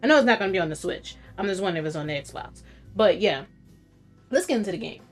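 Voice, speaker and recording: A woman's voice: lowish voice, lively intonation, fast, faint music behind. A woman streamer giving casual, chatty commentary while playing a video game. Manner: chatty, talks to viewers. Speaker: gaming streamer.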